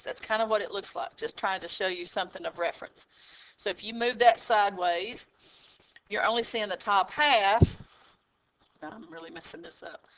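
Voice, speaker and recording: Bright-voiced woman teaching math. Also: mid-range voice, a little hiss or hum, low-quality recording. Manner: patient, step-by-step explaining with frequent "okay?" checks. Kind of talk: classroom lesson walkthrough.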